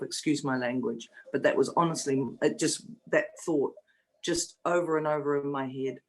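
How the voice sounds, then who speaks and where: A woman's voice: low voice, fairly even intonation, moderate pace, rough recording. Brief: fifties woman, interview guest, candid and confessional, emotional edge. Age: 50s. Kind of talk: personal storytelling in an interview.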